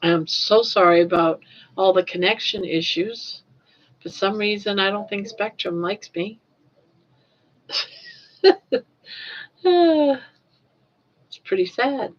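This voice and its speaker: A woman's voice: medium pitch, steady tone, slow, pauses often. An older woman from Maine hosting a casual livestream chat, rambling along and repeating words as she goes. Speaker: livestream host. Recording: dull lo-fi livestream audio.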